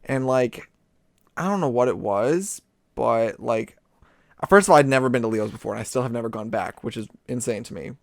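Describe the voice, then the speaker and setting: A man co-hosts a casual podcast, prone to dramatic exaggeration and frequent laughter. His pitch is ordinary for a man, and the recording is dry and close. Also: moderate pace, creaky, dry recording. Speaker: podcast co-host. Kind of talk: casual chat.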